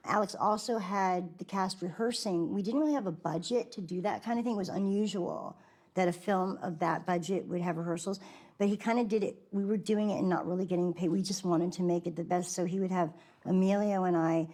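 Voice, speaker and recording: A woman's voice: on the low side, a little fast, darkish tone. A woman being interviewed, an actress chatting about a film role she played, with many likes and restarts. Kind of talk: interview reminiscence.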